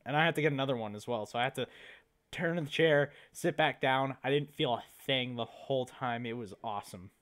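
A man's voice: mid-range voice, a little fast. A teenage boy doing casual reaction commentary, rambling and chatty, laughing at his own jokes. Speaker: YouTuber reacting to videos.

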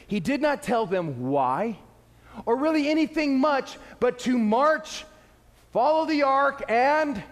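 High-voiced pastor preaching in an echoey hall. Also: male voice. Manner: lively and playful, shifting between loud exclaims and quiet asides. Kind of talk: sermon.

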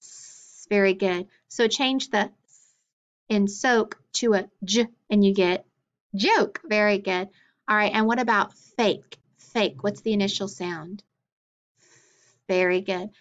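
A woman teaching a phonics lesson to children, spelling out letters and sounds clearly and praising often. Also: medium pitch, fairly even intonation, a little slow. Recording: dull lo-fi recording.

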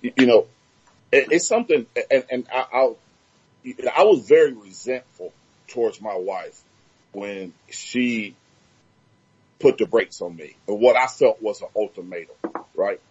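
A man's voice: mid-range voice, animated, a little slow, pauses often, slightly rough, muffled recording. A man from Miami hosting an interview, talking reflectively and searching for his words. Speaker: host. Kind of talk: casual interview talk.

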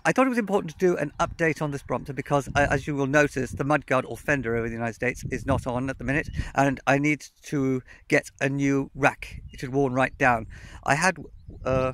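A man's voice: medium pitch, fairly bright tone, slight background noise. A man chatting on a casual outdoor vlog, telling rambling stories with lots of fillers, recorded on a phone camera out in remote countryside. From Wales. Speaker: cycling vlogger.

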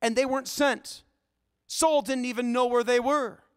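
A male pastor preaching in a church, telling Bible stories with animated, folksy energy. His voice sits notably high for a man. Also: moderate pace, clear, resonant tone. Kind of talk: sermon.

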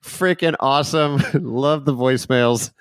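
A man's voice: medium pitch, a little slow, smooth, no echo, studio quality. A man co-hosting a podcast, chatting casually and laughing easily. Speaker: podcast co-host. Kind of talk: casual chat.

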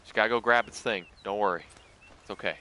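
A man's voice: lowish voice, quick pace, sharp tone. A man streaming a game live, chatting casually, swearing and talking to the animals on screen. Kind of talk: live gameplay commentary.

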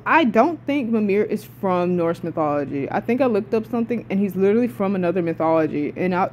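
A young woman excitedly reviewing video game characters in a casual, rambling, profane way, often cutting herself off mid-sentence. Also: mid-range voice, slight background noise. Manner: excitable, rambling and profane, with frequent swearing and self-interruptions.

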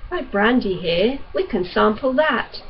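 A woman reading the part of a young doctor who speaks in a measured, reasonable, coaxing way. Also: on the high side, animated, lo-fi sound, slight background noise. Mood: calm. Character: calm, steady young male doctor.

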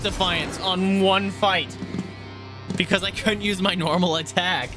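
A young man giving let's play commentary, excitable, yelping and swearing as he plays. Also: high-pitched, unhurried. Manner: excitable, yelps and swears while playing. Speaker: gamer. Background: loud game music.

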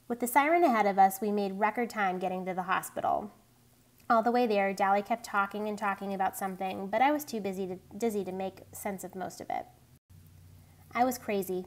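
A woman reading a novel aloud in a steady, plain storytelling manner. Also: mid-range voice, a little fast. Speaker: reader.

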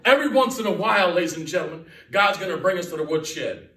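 Guy preaching a sermon, kinda high voice, punchy and folksy, mic far off so it sounds distant. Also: lively intonation, quick pace, pushed and bright. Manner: emphatic, repeats key lines, folksy asides. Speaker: guest pastor. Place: church sanctuary. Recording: echoey church from far off.

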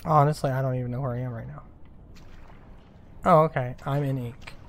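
A man's voice: medium pitch, fairly even intonation, a little fast, creaky, a little hiss or hum. A man playing a horror video game and commenting, growing exasperated and swearing over and over at how confusing it is. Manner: exasperated, swearing, rhetorical complaints. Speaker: gaming video host. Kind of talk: frustrated let's play commentary.

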